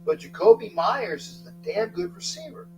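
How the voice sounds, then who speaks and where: Rambling sports-talk host, man, higher voice. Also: big pitch swings, normal speed, faint music behind, rough recording. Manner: rambling, thanks chatters by name, sudden loud outbursts. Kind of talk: casual live chat with viewers.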